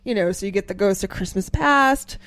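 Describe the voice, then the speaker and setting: A woman's voice: mid-range voice, brisk, fairly bright tone, no room sound. A woman talking casually, rambling with fillers and restarts. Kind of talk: casual chat.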